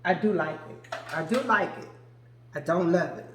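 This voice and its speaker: A woman's voice: on the low side, moderate pace, a little hiss or hum. Chatty woman in her forties, echoey room. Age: 40s. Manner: chatty and gushing, calls viewers "girl" and "y'all". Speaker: vlogger reviewing fragrances. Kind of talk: casual chat to camera.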